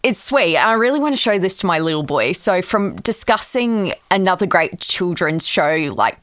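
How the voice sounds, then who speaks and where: A woman's voice: on the low side, expressive, normal speed, fairly bright tone, dry recording, studio quality. A woman, co-hosting a podcast and asking the guest curious questions. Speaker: co-host. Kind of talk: casual podcast interview.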